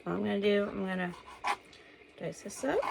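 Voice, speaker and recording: A gravelly, mid-range voice at a moderate pace belongs to a woman casually demonstrating a recipe in her home kitchen. She's chatty, self-narrating, slightly breathless, and addresses viewers as "guys," with plenty of kitchen noise in the recording.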